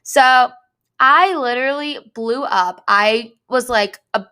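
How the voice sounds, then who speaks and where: Heated, blunt woman with a higher voice. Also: sharp tone. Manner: heated, blunt, swears freely; retells dialogue in quick back-and-forth. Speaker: podcast host. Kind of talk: personal storytelling monologue.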